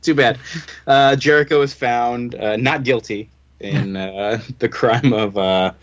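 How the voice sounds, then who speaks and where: A man's voice: medium pitch, fairly even intonation, slow, muffled recording. A man co-hosting a comics podcast in casual, joking chat, rambling and now and then putting on silly voices. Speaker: podcast co-host.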